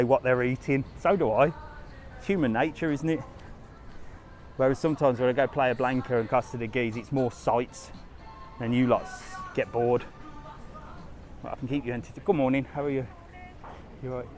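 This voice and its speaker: A man with a mid-range, darkish voice walks a resort street outdoors, hosting a casual live tour. As a travel vlogger and live-stream host, he's chatty and easygoing, speaking directly to his audience and voicing their comments aloud.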